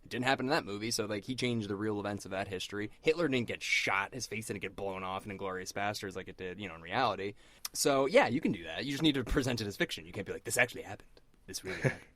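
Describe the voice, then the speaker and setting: A man's voice: lowish voice, quick pace, fairly bright tone, dry recording. A man co-hosting a podcast, talking in a casual, chatty way with lots of fillers. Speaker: podcast co-host. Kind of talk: casual chat.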